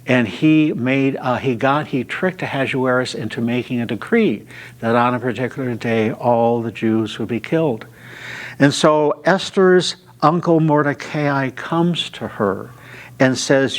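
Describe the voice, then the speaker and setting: A man teaching a Bible study, retelling scripture stories at an unhurried pace with frequent filler sounds. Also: mid-range voice.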